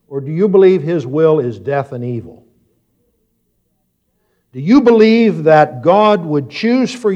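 Emphatic male preacher, lo-fi recording. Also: on the high side. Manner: builds from quiet, reflective talk to loud, emphatic reading and questioning. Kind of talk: sermon. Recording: dull lo-fi sound.

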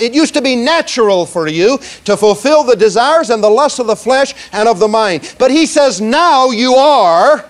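Male preacher with a high voice, emphatic and slow on key words, checks in with the congregation. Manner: emphatic, slows down to stress words, leads the congregation in repeating lines; asks "okay?" and "see?" often. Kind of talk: sermon.

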